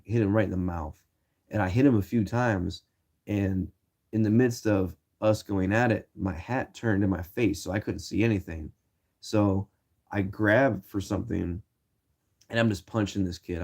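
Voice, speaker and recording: A man's voice: lowish voice, warm tone. A young man telling a story in a casual, slangy way, full of swearing and acted-out quoted lines.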